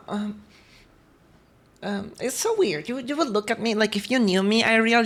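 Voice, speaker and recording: A woman streamer in casual livestream chat, talking while eating, laughing often and greeting her chat between stories. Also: mid-range voice.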